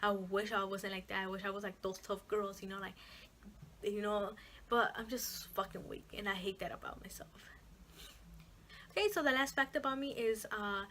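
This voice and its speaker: A woman's voice: mid-range voice, fairly bright tone, slight background noise. A young woman talking casually to camera as a vlogger, rambling with lots of fillers and the odd swear word.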